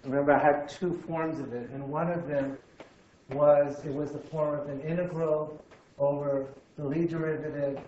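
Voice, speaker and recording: Male lecturer, halting and repetitive, dull and roomy recording. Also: a little high, little pitch movement, mellow, a little hiss or hum. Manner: halting, repeats words, thinks aloud. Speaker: physics lecturer. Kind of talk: university lecture. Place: lecture room. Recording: echoey room, slightly dull sound.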